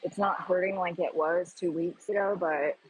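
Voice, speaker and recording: A woman's voice: on the low side, steady tone, normal speed, rough recording. A woman talking to her camera in a gym, blunt and profane, explaining her workout in a casual chatty way. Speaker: vlogger. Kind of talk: casual gym vlog talk. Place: public gym.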